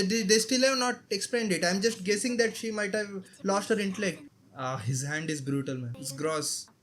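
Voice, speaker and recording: Indian man, high voice, anime reaction commentary, exclaims at the screen. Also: a bit bright. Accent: Indian English. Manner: talks back at the screen, emotional and exclaiming.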